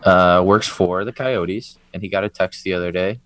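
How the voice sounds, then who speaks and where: A man's voice: deep voice, moderate pace, fairly bright tone. A man co-hosting a casual sports podcast, tossing in dry wisecracks and telling stories with animation. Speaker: podcast co-host.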